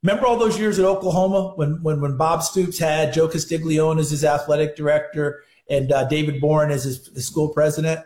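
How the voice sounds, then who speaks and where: A man's voice: on the high side, fairly even intonation, brisk, hardly any pauses, a little mellow. Emphatic man on an echoey line. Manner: storytelling, emphatic. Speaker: football analyst guest. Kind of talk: sports radio interview.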